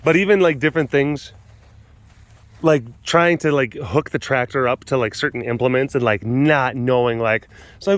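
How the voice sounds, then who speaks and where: A man hosts a webcast outdoors from a wild animal compound, rambling casually with lots of fillers, laughing often and acting out the lines he quotes. His pitch is medium, his pace moderate, and there is no room sound.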